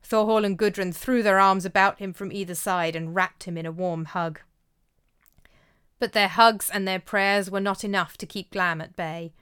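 A woman narrating a folk tale in a measured, expressive way. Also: mid-range voice, clean tone. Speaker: storyteller. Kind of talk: storytelling narration.

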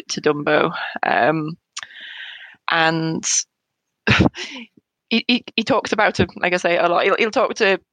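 A woman in her thirties, a bereaved mother in an interview, talking in a hesitant, halting way with soft laughs between thoughts. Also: fairly low pitch, vocal fry, dry recording, rough recording. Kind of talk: emotional personal conversation.

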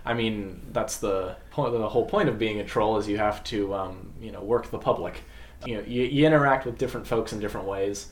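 A man's voice: fairly low pitch, a little fast, echoey room. A man chatting casually in an interview, telling anecdotes and acting out other people's voices. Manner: animated storyteller, acts out voices of others. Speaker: parade troll performer.

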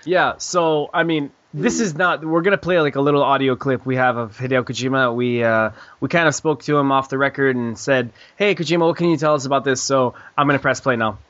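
A gaming podcast host with a medium-pitched, steady, slightly bright voice talks a little fast with hardly any pauses, joking loosely, giggling, and reading out news full of "uh" and "um." The recording is dry, with the highs cut off.

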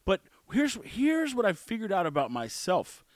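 A man's voice: high voice, wildly swooping pitch, normal speed, dry recording. A man in his forties telling a story in a casual monologue, blunt and opinionated, rambling with restarts. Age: 40s.

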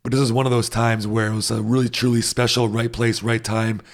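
A man's voice: medium pitch, a little fast. A man telling a travel story in casual chat, with many fillers and restarts. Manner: rambling, animated anecdotes with many fillers and restarts.

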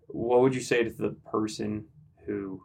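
Slow, gravelly-voiced male host. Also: fairly low pitch, steady tone, a little mellow. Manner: slow, halting questions with fillers. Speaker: podcast host. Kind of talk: interviewing a guest.

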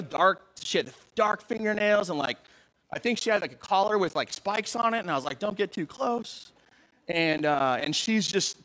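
Animated storytelling pastor, fairly high voice. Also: male voice, rough recording. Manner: animated, acts out dialogue with big pitch jumps. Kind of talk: storytelling sermon.

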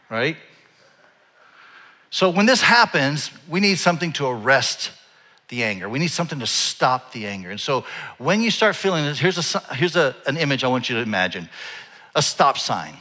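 A man in his forties preaching a sermon, telling a personal story in a conversational way that swings from quiet asides to loud, animated bursts. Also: mid-range voice, moderate pace, big-room sound. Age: 40s. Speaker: pastor.

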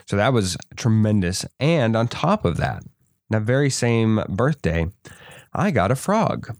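A man's voice: lowish voice, big pitch swings, measured pace, darkish tone, dry recording, studio quality. A young man chatting casually, hesitant, often restarting and repeating words. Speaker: conversation partner. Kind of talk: casual chat.

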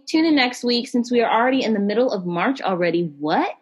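A woman's voice: fairly high pitch, a little fast, slightly rough. A woman co-hosting a podcast in casual chat, chatty and upbeat as she wraps up the show. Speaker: podcast co-host.

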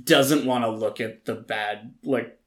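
A man talks through a TV show he disliked on a casual podcast, opinionated and animated. He fills gaps with ums and restarts his sentences. His voice sits at an ordinary middle pitch. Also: a little slow. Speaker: podcast co-host reviewing films and TV. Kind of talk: casual chat.

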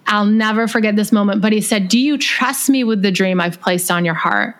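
A woman guest on a podcast telling a personal faith story, animated and laughing often, acting out dialogue. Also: medium pitch, fairly quick. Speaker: podcast guest, author and speaker. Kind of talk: casual interview storytelling.

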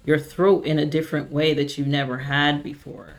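A woman's voice: sits low, little pitch movement, normal speed. A woman hosting a casual conversation, thoughtful and full of "you know" fillers. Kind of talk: casual chat.

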